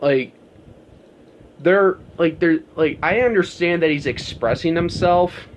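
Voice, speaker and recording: Profane ranting man, slightly high voice. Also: takes it slowly, a little hiss or hum. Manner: profane, rambling, heavy on fillers. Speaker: vlogger. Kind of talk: casual ranting monologue.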